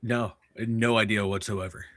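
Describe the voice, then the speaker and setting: A man's voice: on the low side, steady tone, a little slow, a bit bright, no room sound. A man in his forties with a Pittsburgh accent, co-hosting a casual sports talk show in an easygoing, playful way. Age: 40s. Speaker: podcast co-host.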